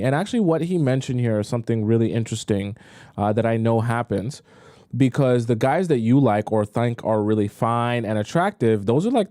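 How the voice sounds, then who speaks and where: Chatty dating coach, dry close sound. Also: male voice, medium pitch, mellow, dry recording. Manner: chatty, emphatic, repeats himself for emphasis. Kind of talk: live-stream reaction commentary.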